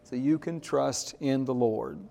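A man preaching a sermon slowly and emphatically, pausing to ask his congregation "Amen?". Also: medium pitch, creaky, mellow. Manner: slow, emphatic preaching with call-and-response "Amen?". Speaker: pastor.

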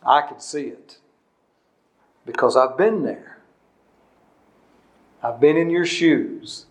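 A man preaching a sermon as the pastor, earnest and emphatic, repeating his points and swinging between loud declarations and quiet, low stretches. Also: slow pace.

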